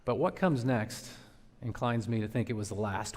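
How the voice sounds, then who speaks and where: A man preaching a sermon as pastor, with dramatic swings between loud emphasis and quiet, slowed phrases. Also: medium pitch. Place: church sanctuary. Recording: long reverb of a large church hall.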